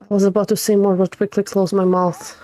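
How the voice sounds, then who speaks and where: A woman's voice: medium pitch, flat delivery, fairly quick, warm tone, dry recording. Emotional woman streamer reading game dialogue. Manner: emotional, reads game text aloud with reactions. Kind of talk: live gameplay commentary, reading dialogue aloud.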